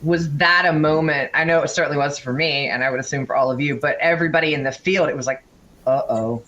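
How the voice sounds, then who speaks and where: A man in a casual group chat, thinking out loud and using many filler words. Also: fairly high pitch, fairly even intonation, fast talker, highs cut off, a little hiss or hum. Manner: reflective, uses many "like" fillers.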